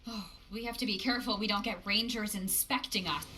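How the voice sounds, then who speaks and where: Woman doing a nervous ship crewmate from a game, bright voice, wary. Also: mid-range voice, fairly even intonation, a little fast, slight background noise, lightly acted. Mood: worried. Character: female ship crew member, cautious and wary. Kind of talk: video game voice acting.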